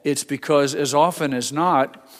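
A man's voice: on the high side, steady tone, unhurried, fairly bright tone, in a large hall. An older man preaching a sermon as a pastor, conversational, with frequent restarts and asides.

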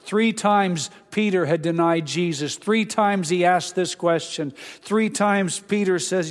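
A man preaching a sermon, telling the scripture story and acting out its voices, dropping to a hush for tender moments and building up for emphasis. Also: sits high, slow, hardly any pauses. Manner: drops to a quiet hush for intimate lines, rises for emphasis. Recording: long hall reverb.

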